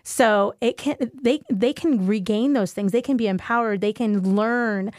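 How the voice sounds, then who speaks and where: A woman's voice: on the high side, a little slow, a little mellow, no echo, studio quality. A woman hosting an interview who speaks in an affirming way and often chimes in with encouraging interjections. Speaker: host. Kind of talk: conversational interview.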